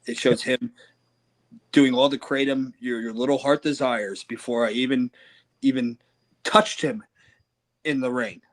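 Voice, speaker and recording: A man's voice: medium pitch, steady tone, a little slow, long pauses. A man, a wrestler, telling loose, profane stories in a casual interview and acting out other people's lines. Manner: loose, profane storytelling with quoted voices. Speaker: professional wrestler, guest.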